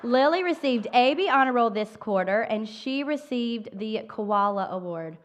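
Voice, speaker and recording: A woman's voice: fairly high pitch, lively intonation, unhurried, slight background noise. A woman teacher speaking affectionately to her students while giving out class awards at a church service. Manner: warm, affectionate. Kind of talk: award ceremony speech. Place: church sanctuary.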